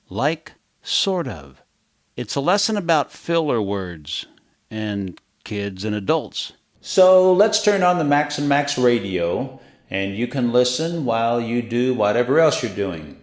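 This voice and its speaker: A man's voice: mid-range voice, big pitch swings, takes it slowly, dry recording, clean studio sound. A man teaching a lesson for kids in a wry, conversational storytelling way. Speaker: language teacher. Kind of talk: children's lesson narration.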